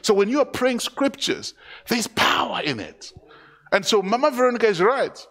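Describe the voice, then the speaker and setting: A man's voice: sits high, big pitch swings, normal speed, a bit bright. A male pastor preaching a sermon in church, repeating phrases and calling out to the congregation. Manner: repetitive, preacherly call-and-response.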